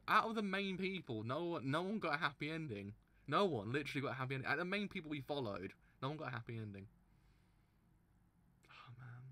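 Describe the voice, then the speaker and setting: Male reaction host, reads manga aloud and exclaims, with a bright, lively delivery. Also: fairly high pitch. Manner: excitable, exclaims loudly, stumbles while reading.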